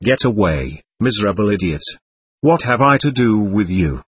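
A proud, irritable young gentleman, read by a man, abrupt and sullen. His husky voice swings in pitch. The sound is dry and close. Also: sing-song, moderate pace, no room sound.

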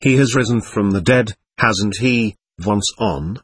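A man's voice: on the low side, a little slow, breathy edge, no echo. Man reading as an impudent, taunting old buffoon. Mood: mocking. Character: scheming, shameless, mocking old man.

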